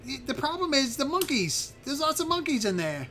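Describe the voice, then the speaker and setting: A man's voice: extremely high pitch, sing-song, fairly quick, music in the background, voice pushed up. A man voicing a small, boastful male creature who claims to be a mighty dragon of fire. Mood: hesitant. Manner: grandiose, threatening.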